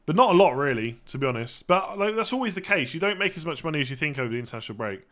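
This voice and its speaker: Brief: male streamer, slightly high and bright, rambling casual Q&A, frequent throat-clearing. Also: sing-song, racing. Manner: chatty, self-correcting, clears throat often. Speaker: fantasy football streamer.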